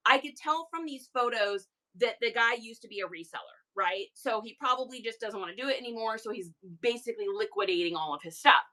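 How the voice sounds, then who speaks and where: A bright, forceful woman's voice sitting a little above the usual range, hosting a reseller livestream from home. She tells her story in a loose, chatty way and keeps breaking off to greet viewers and thank people in the chat. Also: fairly high pitch, low-quality recording. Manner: chatty and animated, quick asides to viewers. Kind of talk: casual storytelling to a live chat.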